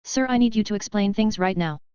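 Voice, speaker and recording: A woman's voice: medium pitch, fairly quick, darkish tone, smooth, no room sound, muffled recording, close to an everyday voice. A woman voicing a loyal, hot-headed male guard who speaks urgently and disapprovingly.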